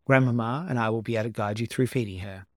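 A man voicing an elegant, gracious gothic mother who speaks gently and politely in a dry, close recording. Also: medium pitch, fast, no echo, close to an everyday voice.

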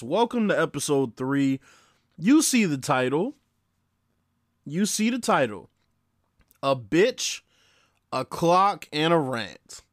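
A man's voice: a little high, no room sound, clean studio sound. A man in his late twenties hosting a sports podcast, talking casually, brash and profane, chatting straight to his listeners. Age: 20s. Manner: brash, profane and upbeat, addresses listeners directly. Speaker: podcast host.

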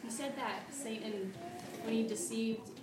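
A woman's voice: fairly high pitch, a little slow, crowd noise. A woman asks a hesitant question from the audience, heard from far off the mic. Other listeners are audible around her in the room. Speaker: audience member asking a question.

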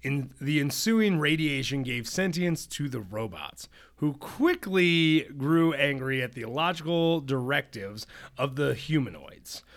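Young male co-host reading a comic summary aloud with joking asides; bright, animated delivery. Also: fairly high pitch, unhurried. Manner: laughs often, joking asides. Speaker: podcast co-host.

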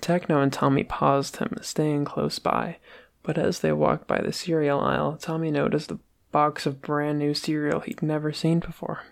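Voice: mid-range voice, flat delivery, normal speed, creaky. An amateur reader narrating a fan story aloud, stumbling and restarting now and then.

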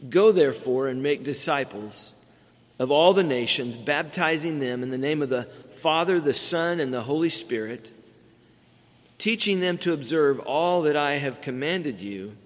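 A man's voice: on the high side, expressive, measured pace. A middle-aged man preaching a sermon as pastor, earnest and building emphasis on key words. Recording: long reverb from a large hall.

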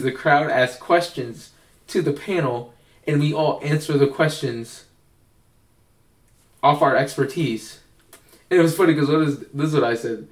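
A young man telling rambling stories in casual chat, co-hosting a podcast. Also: mid-range voice. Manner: rambling, acts out quoted voices. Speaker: podcast co-host. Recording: roomy, distant mic.

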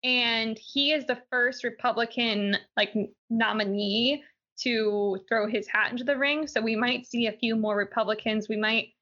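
A woman's voice: a little high, fairly even intonation, normal speed, bright, forceful tone, lo-fi sound. A woman co-hosting a podcast, chatting casually through the week's news with frequent laughs and "like" fillers. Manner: giggly, chatty, many "like" fillers. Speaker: podcast co-host. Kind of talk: casual news-review chat.

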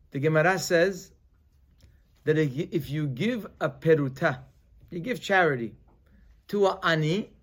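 A man teaching a weekly Torah class as a rabbi. He tells the story in an animated way, swinging between loud emphasis and quiet asides, and he sprinkles Hebrew terms into his English. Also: a little high.

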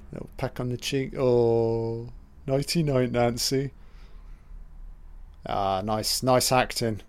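A man talks over a film in a slow, unhurried drawl, swearing freely and jeering at the characters. His voice stays smooth and clean throughout, even as the jokes get crude. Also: mid-range voice. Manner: crude, profane and mocking toward the characters. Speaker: film commentator. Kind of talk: audio commentary over a film.

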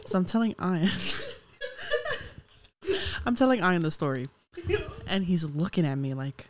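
A woman's voice: fairly low pitch, sing-song, unhurried, pauses often. A woman co-host telling a funny story in casual chat, swearing and laughing through it.

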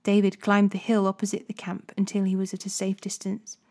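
A woman's voice: mid-range voice, monotone, fairly quick, a little mellow. Woman reading scripture aloud. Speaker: Bible reader.

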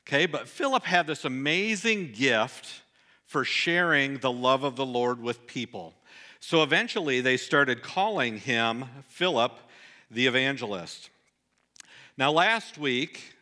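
Middle-aged pastor guy, bright clear voice, earnest sermon storytelling, goes quiet on the heavy bits. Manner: earnest storytelling, drops soft and low at sad points.

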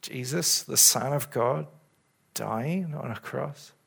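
A man preaching in a church, speaking as a pastor in an earnest, caring way with halting restarts, into a stage microphone. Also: medium pitch, creaky, a bit bright, husky. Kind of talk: sermon. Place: church service. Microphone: handheld or stage microphone.

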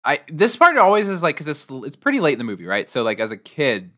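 A man's voice: on the high side, wildly swooping pitch, fast, bright, forceful tone. A man in casual podcast chat, enthusiastic and conversational. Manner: enthusiastic, conversational, says "dude".

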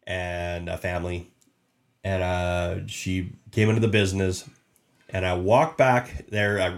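Rambling, low-voiced man. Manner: repetitive, emphatic, rambling with many restarts. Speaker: podcast host and sales leader. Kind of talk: casual motivational talk.

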